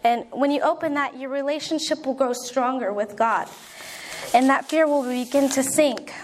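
A young woman delivers a sermon in a high, light voice. She talks earnestly and conversationally, slipping into spoken prayers. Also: moderate pace, a little hiss or hum. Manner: earnest, conversational preaching with repeated appeals and acted prayers. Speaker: preacher.

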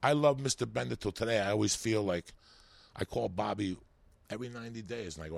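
Gravelly, husky New storyteller. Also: male voice, fairly low pitch, fast. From New York. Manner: animated, swearing, rambling. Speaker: comedian guest. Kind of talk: profane podcast storytelling.

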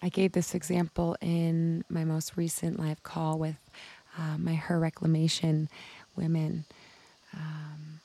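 A woman's voice: on the low side, gravelly, darkish tone. A woman coach giving a motivational talk, telling a story and casually acting out other people's lines, sometimes swearing. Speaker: women's life coach.

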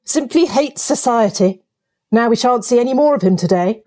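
A woman voicing a chatty male water rat in a storybook reading, brisk and gossipy. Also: on the high side, animated, mellow, pitched above the performer's own voice, natural voice. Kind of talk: storybook voice acting.

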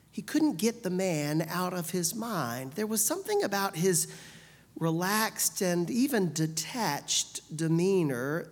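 A woman narrating a story in a measured, deliberate way. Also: on the low side, a little mellow. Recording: long hall reverb.

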